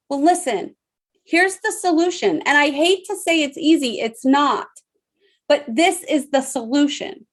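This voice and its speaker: A woman in her thirties giving an emphatic motivational leadership talk to an online audience, with dramatic pauses. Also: high-pitched, expressive. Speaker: leadership speaker.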